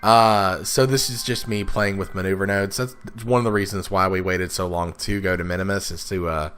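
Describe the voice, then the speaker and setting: A man with a raspy, stuffed-up voice, casually talking through his gameplay with lots of fillers and restarts. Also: sits low, fairly even intonation, normal speed, a bit bright. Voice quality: raspy, congested from blocked sinuses. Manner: rambling, many fillers and restarts. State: sniffly, stuffed up. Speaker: let's play gamer.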